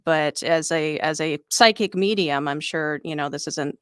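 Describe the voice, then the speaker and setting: A woman's voice: deep voice, moderate pace, smooth, no echo. A woman co-hosting a podcast in casual chat, thoughtful and agreeable. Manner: thoughtful, agreeable, often laughing along. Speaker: podcast co-host.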